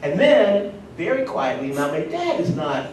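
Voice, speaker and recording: A man with a fairly high, lively voice tells personal stories at a conference and makes animated asides to the audience. He sounds set back from the microphone in a very echoey hall, with a faint rumble underneath. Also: measured pace, distant mic. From rural North Carolina. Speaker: conference speaker. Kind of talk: personal storytelling speech.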